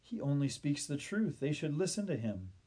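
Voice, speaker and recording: A man's voice: a little high, sing-song, moderate pace, dark tone, slightly rough. A man voicing an earnest young boy.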